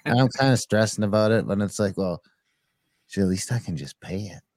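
A man's voice: fairly low pitch, brisk, no room sound. A man co-hosting a podcast in loose, profane, rambling chat. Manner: profane, rambling, relaxed storytelling. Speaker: podcast co-host. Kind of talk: casual chat.

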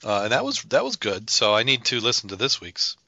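Man, casual chat, joking asides, low, sharp forceful tone, muffled lo-fi call. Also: wildly swooping pitch, no echo. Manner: joking, quick laughing asides.

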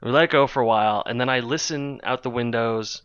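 A man co-hosting a podcast tells a meandering story, restarting his sentences as he goes. His voice is bright and forceful. The recording is dry and a bit dull. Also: mid-range voice, brisk, smooth, no room sound. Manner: rambling, self-interrupting anecdote teller. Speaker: podcast co-host. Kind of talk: casual storytelling chat.

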